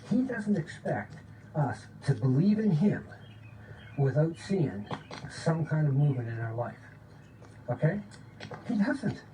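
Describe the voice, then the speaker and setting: Man, informal spiritual talk, eager, keeps saying okay, slightly raised pitch, faint background hiss. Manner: excited, repeats "okay?" often, drops to a low voice for demonstrations. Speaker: spiritual teacher. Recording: distant mic with faint background noise.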